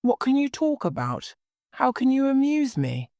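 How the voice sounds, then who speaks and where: A reader voicing a spoiled, quarrelsome young woman in an audiobook, going high and shrill when angry. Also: very animated, moderate pace, dark tone, no room sound. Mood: cross. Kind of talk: audiobook reading.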